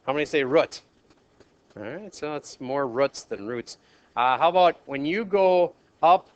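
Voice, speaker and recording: Minnesotan math teacher lecturing a class. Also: male voice, a little high, no room sound. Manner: asks the class questions, jokes and polls students.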